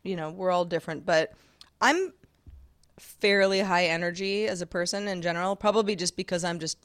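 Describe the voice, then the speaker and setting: A woman with a somewhat low voice chats casually and at length. She restarts her sentences often and laughs lightly as she goes. The sound is close and dry, with no room around it. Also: brisk, no echo. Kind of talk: casual chat.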